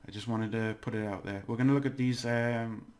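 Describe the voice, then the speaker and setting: A man's voice: mid-range voice, steady tone, brisk, darkish tone. A man giving a casual video language lesson, chatty, exaggerating words to demonstrate them and laughing at his own slips. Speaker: language teacher.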